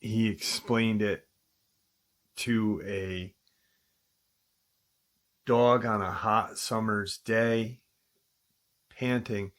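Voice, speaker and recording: A man hosting a channel, casually retelling a listener's encounter in a halting way, with frequent ums and restarts. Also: lowish voice, fairly even intonation, a bit bright. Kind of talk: casual spoken storytelling.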